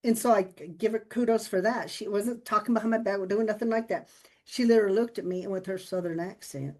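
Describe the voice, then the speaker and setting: A woman co-hosting a podcast, telling personal stories in a relaxed, reflective way and laughing often. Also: medium pitch, quick pace. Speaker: podcast co-host. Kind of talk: casual conversation.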